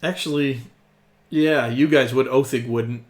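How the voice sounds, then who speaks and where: A man's voice: mid-range voice, fairly even intonation, a little slow. A man narrating as game master of a tabletop game, casual and laughing often, thinking aloud as he counts up rolls.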